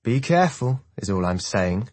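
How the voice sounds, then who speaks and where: Man playing a cocky young squadmate, taunting and sneering, pitched up and loud, husky edge. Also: big pitch swings, moderate pace, dry recording. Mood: mocking. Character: mocking young male squad rival.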